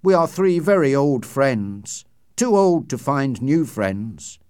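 Man reading a worried earnest gentleman, lively up and down voice, dry close sound. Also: mid-range voice, slow pace, smooth, no echo.

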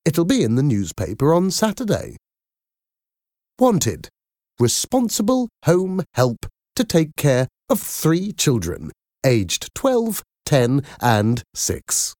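A woman's voice: sits low, wildly swooping pitch, slow pace, dark tone, dry recording, voice pushed up, heavily acted. A firm, worried working mother from a storybook, as a man puts her on in a raised voice. She speaks steadily and apologetically, lifting every phrase well above his usual register. The dry, close sound has no room around it.

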